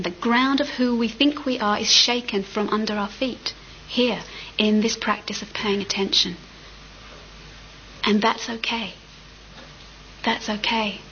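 Gentle, reflective woman meditation teacher. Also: a little high, a little hiss or hum. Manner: gentle, reflective, with unhurried pauses. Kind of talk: dharma talk. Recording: slightly muffled with faint ambience.

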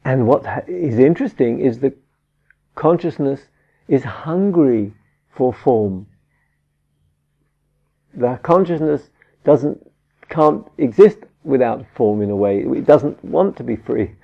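A man teaching a Buddhist dharma talk, halting and searching for words with frequent restarts, on a dull lo-fi recording. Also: mid-range voice, lively intonation, gravelly. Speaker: meditation teacher.

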